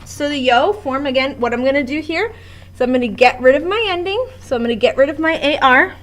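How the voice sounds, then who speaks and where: A woman's voice: high voice, lively intonation, fairly quick. A woman teaching a Spanish grammar lesson at a board in a classroom, explaining step by step with patience.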